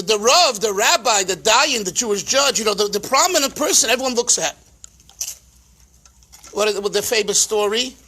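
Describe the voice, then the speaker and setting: A man, a rabbi, giving a farbrengen teaching talk with animated storytelling and emphatic repetitions. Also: very high-pitched, a little hiss or hum.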